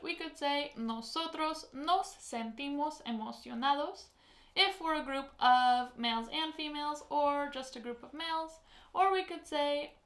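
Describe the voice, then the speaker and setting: A woman teaching a Spanish lesson, explaining slowly and patiently, with spoken example phrases. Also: sits high, a bit bright, reverberant. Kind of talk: online language lesson.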